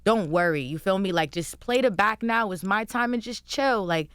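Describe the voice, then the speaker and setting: A woman's voice: medium pitch, normal speed, clean tone, dry recording, studio quality. A young woman telling a story as a guest on a radio show, in casual chat and acting out what others said. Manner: animated storytelling, acting out quotes. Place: radio studio. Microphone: studio microphone.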